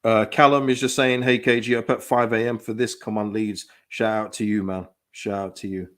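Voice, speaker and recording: Excitable man hosting a football watchalong. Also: on the low side, moderate pace. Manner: excitable, reads out chat comments, laughs often. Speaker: live-stream football watchalong host. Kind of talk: casual live reaction chat.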